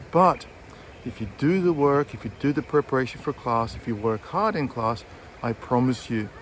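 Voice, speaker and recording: A man talks through an English lesson in an easygoing, chatty way while walking his dog beside a river. His voice sits at an ordinary middle pitch, and faint traffic hums in the background. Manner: chatty, relaxed, with frequent fillers and self-corrections. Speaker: English teacher and textbook author. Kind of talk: casual outdoor video lesson. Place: outdoors by a city river.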